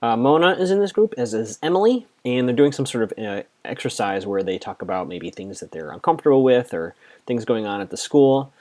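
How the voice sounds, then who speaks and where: Animated man casually recapping a show. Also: mid-range voice, brisk. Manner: chatty, animated, quoting characters with reactions. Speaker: podcast host recapping a TV episode. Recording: muffled lo-fi audio.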